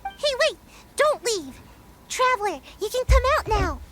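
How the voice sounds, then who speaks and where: A woman's voice: very high-pitched, very animated, unhurried, full character voice. A woman voicing a timid, sleepy little girl ninja in a game, who sighs and yawns. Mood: fibbing. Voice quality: drowsy, sighing, yawning.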